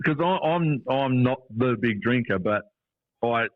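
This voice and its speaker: A man's voice: mid-range voice, measured pace, no room sound, narrow, tinny audio. An Australian man co-hosting a podcast, telling stories in friendly casual chat and laughing often. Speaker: podcast co-host.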